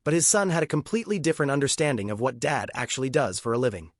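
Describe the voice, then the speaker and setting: A man's voice: medium pitch, very animated, rapid-fire, a little hiss or hum. A man giving scripted narration with a punchy, setup-style delivery.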